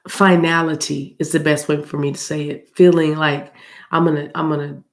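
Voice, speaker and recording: An American woman doing a casual spiritual card reading, chatty and rambling, with a voice roughened by allergies. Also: low-pitched, flat delivery, normal speed. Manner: chatty and rambling, addresses viewers as y'all, laughs often. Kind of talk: casual tarot reading chat.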